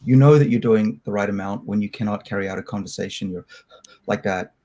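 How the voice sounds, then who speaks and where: A middle-aged man from Australia, a scientist answering interview questions in a candid, reflective, loose and halting way. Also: on the low side, mellow. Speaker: scientist guest.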